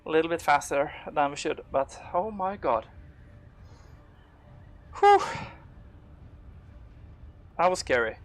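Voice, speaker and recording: A man's voice: on the high side, animated, slow pace, pauses often. Rambling man streaming a game. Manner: rambling, filler-heavy, swearing when startled. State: panicked, out of breath. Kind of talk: live gameplay commentary.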